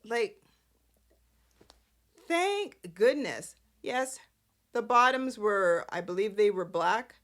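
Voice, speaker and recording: A woman's voice: mid-range voice, slow, fairly bright tone. A woman hosting a casual recap show, chatty, sassy and exasperated. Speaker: host.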